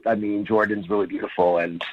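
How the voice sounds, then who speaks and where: A man's voice: lowish voice, steady tone, fairly quick, dry recording. A man calling in to a radio show, telling his story in an earnest way with the odd chuckle. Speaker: caller. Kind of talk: phone call to a radio show. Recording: muffled phone line.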